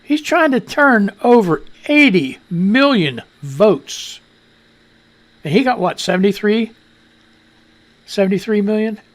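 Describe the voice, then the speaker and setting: A man's voice: high-pitched, animated, takes it slowly, long pauses. A man hosting a live radio news show, rambling in exasperated, sarcastic casual commentary while wheezing.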